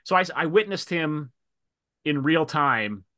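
Bright-voiced man telling a story. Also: a little high, unhurried, no room sound, clean studio sound. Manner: animated storyteller, acts out quotes. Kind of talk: casual chat.

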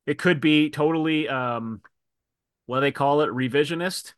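A man in casual podcast chat who tells stories in an animated way and acts out quoted lines. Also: a little high, moderate pace, clean tone, dry recording, studio quality.

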